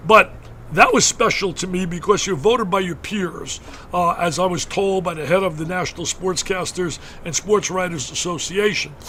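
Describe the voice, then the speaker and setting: High, bright-voiced older man telling a story with fervor. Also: normal speed, slight background noise. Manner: fervent, repetitive, emphatic storyteller. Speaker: interview guest, basketball broadcaster. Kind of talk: emotional storytelling in a radio interview.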